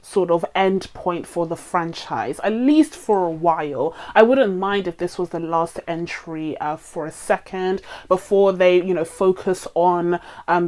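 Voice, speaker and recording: A woman hosting a film review channel, chatting casually and animatedly to her viewers, often laughing as she talks. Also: medium pitch. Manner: talks straight to viewers, teasing.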